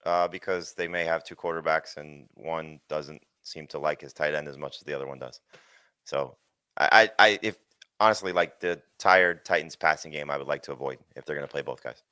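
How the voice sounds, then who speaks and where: A quick-talking male fantasy football analyst. His voice is very low yet bright and clear-cut. He speaks in dry close-mic sound. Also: dry recording. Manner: quick, emphatic, restarts often. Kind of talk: casual sports chat.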